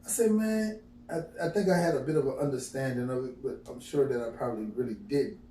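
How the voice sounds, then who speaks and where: A medium-pitched, quick-paced voice comes from a middle-aged vlogger far from the mic, with a little hiss or hum and an echoey room. He casually tells his viewers profane stories, animatedly acting out the quotes.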